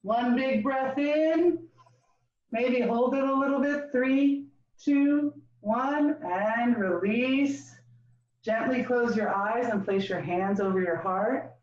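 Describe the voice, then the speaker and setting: Woman, laughter yoga leader on a video call, unhurried, cheerful; dull lo-fi sound. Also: on the high side, a little mellow. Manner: cheerful, coaxing instructions. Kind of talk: guided laughter yoga session. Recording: roomy, distant, dull lo-fi sound.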